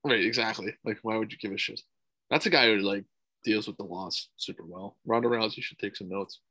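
A young man co-hosting a casual fight podcast, profane and excitable, saying "dude" a lot. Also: fairly low pitch, fairly quick, no echo, poor audio. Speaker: podcast host. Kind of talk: casual MMA podcast chat.

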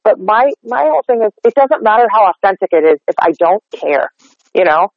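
An American man working as a dialect coach, explaining his technique in an animated, chatty way and acting out example lines. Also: high voice, fairly quick, no echo, muffled recording. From United States. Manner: animated, explanatory, demonstrates lines aloud, many fillers like "like". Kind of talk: interview guest explaining technique.

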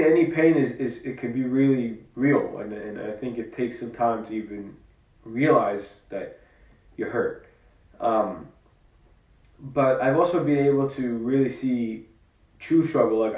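A man's voice: medium pitch, darkish tone. A man giving a personal, earnest motivational monologue to camera, reflective and coaching himself as he talks. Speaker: vlogger. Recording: roomy, distant, dull-sounding.

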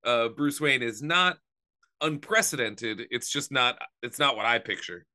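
Bright-voiced, easygoing male co-host. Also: medium pitch, animated. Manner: easygoing, agreeable, with quick jokes. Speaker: podcast co-host. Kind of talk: casual chat.

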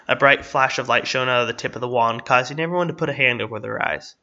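A man reading a story aloud in steady, measured narration. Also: mid-range voice, vocal fry. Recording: slightly dull, lo-fi.

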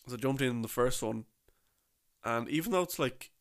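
A man's voice: mid-range voice, lively intonation, normal speed. A young man telling a rambling, casual story about a trip, full of slang and restarts.

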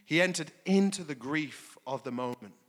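A man's voice: on the high side, lively intonation, normal speed. A pastor preaching a conversational sermon, often checking in with "okay?" as he talks. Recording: long hall reverb.

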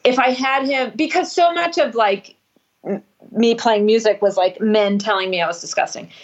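A woman's voice: moderate pace, muffled recording. Rambling, swearing woman musician. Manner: rambling, swears often, acts out quotes in a higher voice. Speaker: musician guest. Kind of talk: casual interview storytelling.

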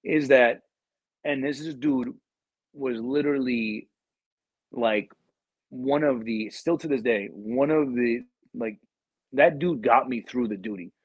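A man's voice: medium pitch, takes it slowly, pauses often, husky, no room sound, muffled recording. Slangy young man telling stories. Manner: slangy, profane storytelling with many fillers. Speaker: podcast host. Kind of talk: casual chat.

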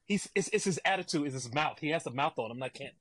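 A man and father telling stories in a casual podcast chat, quick, excitable and profane. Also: on the high side, husky, no echo.

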